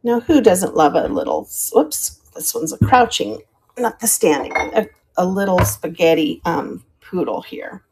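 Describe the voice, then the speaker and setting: An older woman hosts a live sale and chats in a friendly, rambling way as she shows off each figurine. Her voice has a creaky, gravelly edge, and she pauses often to find the right word. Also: on the low side, animated, background noise. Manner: chatty, friendly, describes items while hunting for words. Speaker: live-stream auction seller. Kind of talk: casual live selling chat.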